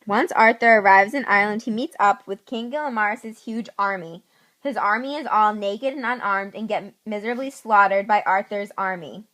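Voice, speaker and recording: A woman's voice: medium pitch, normal speed, fairly bright tone, poor audio. A young woman narrating a student history video project in a plain reading voice. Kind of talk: amateur school video narration.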